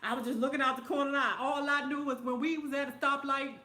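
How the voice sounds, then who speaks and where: Female host, high voice, salty and animated storyteller, echoey room sound. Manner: animated, profane, storytelling, quick to laugh. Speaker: show host reading viewer comments. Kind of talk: casual talk show monologue.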